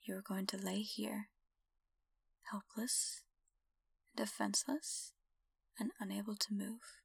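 A woman performs a whispered role-play in a slow, breathy hush. She sounds commanding one moment and softly confiding the next. The mic sits a little away from her in a dry, dead room. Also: medium pitch, level tone, recorded from a distance. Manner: soft, tender, hesitant confiding.

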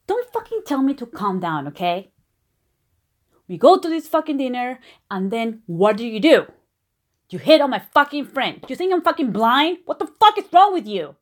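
Audio role-play: young woman as a jealous, cursing girlfriend, from muttering to shouting, lively higher voice. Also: moderate pace. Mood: yelling. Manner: swears constantly, swings between low mutters and shouting. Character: jealous, foul-mouthed young girlfriend, possessive and hot-tempered.

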